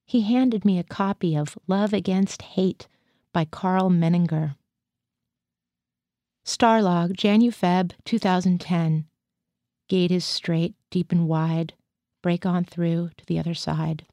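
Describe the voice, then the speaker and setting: Low, mellow woman reading fiction. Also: dry recording. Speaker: reader of a short story. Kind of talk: literary reading.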